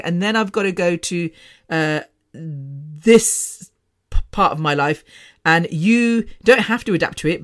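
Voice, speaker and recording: A woman's voice: on the low side, a bit bright. A middle-aged woman hosting her own podcast, talking in a candid, rambling way with many restarts and sighs. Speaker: podcast host. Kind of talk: casual solo podcast monologue.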